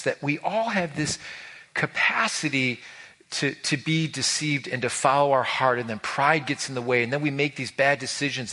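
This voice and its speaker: Bright-voiced man preaching. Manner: animated storytelling, acts out quotes with rising pitch. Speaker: pastor. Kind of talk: sermon.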